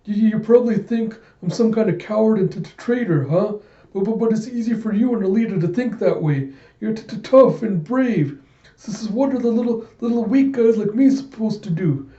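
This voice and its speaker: A cowardly, stammering man whose voice climbs high and tight whenever he speaks, put on by a male storyteller. He trips over his words, nervous and desperate. The sound is roomy and a little dull. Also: a little fast, dark tone, close to an everyday voice. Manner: stutters, high and strained.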